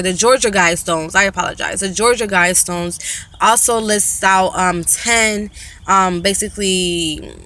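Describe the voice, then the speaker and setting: A young woman talking casually to camera in her own vlog, animated and opinionated, often restarting with fillers. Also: mid-range voice. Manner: animated, mimics slang in a raised voice. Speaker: vlogger.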